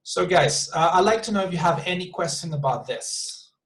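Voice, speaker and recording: A man's voice: high voice, lively intonation, moderate pace, rough recording. A man teaching an English class over a video call, explaining at length, often repeating words and checking in with "you see".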